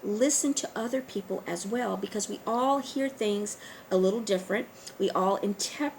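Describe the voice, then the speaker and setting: A woman talking straight to her viewers in a casual monologue, earnest and urging, often pausing on fillers and restarting. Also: medium pitch, lively intonation, slight background noise, poor audio. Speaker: online video host. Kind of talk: casual direct-to-camera monologue.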